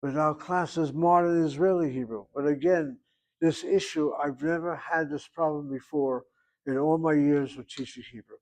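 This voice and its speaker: A man's voice: fairly high pitch, steady tone, moderate pace, darkish tone. An older man teaching a Hebrew grammar class, thinking aloud and reasoning back and forth as he explains.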